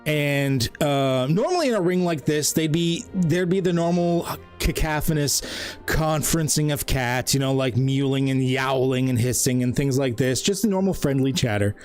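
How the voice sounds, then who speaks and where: A man's voice: mid-range voice, lively intonation, normal speed, darkish tone, faint music behind. A man from Canada narrating a tabletop game as game master, in loose, filler-heavy speech.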